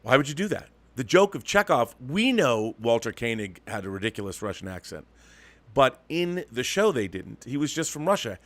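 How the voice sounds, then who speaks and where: A man delivers an opinionated solo commentary in an emphatic, ranting way, often restarting and repeating words as he presses his point. His voice sits at an ordinary middle pitch. The sound is dry and close, with no room echo. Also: big pitch swings, normal speed, fairly bright tone. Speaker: show host.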